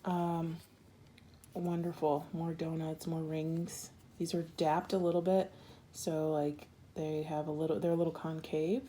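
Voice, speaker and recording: A woman's voice: deep voice, flat delivery, a little slow, dark tone, a little hiss or hum. A woman from Arizona chatting casually through an unboxing for her viewers, gushing and giggling as she talks. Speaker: bead crafting vlogger.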